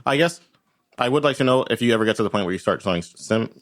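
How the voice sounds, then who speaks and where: A man's voice: fairly low pitch, expressive, fast talker, fairly bright tone. A man running a tabletop game as game master, rambling casually and tagging his points with "right?". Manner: rambling, tags lines with "right?".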